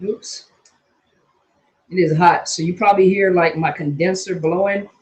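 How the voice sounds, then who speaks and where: A woman's voice: lowish voice, fairly even intonation, measured pace, darkish tone, dull audio. A woman counselor from Washington state chatting casually on a phone livestream from her hot home, greeting viewers by name in loose colloquial talk. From Washington state, USA. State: hot and sweaty.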